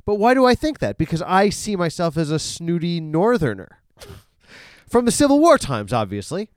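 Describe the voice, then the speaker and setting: A man's voice: high voice, big pitch swings, normal speed, no echo, studio quality. Rambling man hosting a solo podcast. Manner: rambling, full of fillers and self-corrections, profane. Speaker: podcast host. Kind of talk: casual solo podcast monologue. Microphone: studio podcast microphone.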